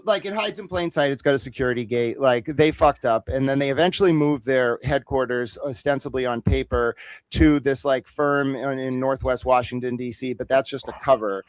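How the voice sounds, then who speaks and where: A man, a guest in a conversation, telling a story fast and excitably, swearing often and acting out what others said. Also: mid-range voice, no echo. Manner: profane, rapid, excitable, acts out quotes.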